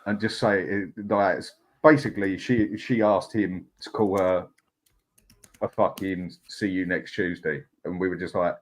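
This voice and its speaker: A man's voice: low voice, moderate pace. A man with a London accent, co-hosting a casual football podcast and telling blokey, sweary anecdotes. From London, England. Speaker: podcast co-host.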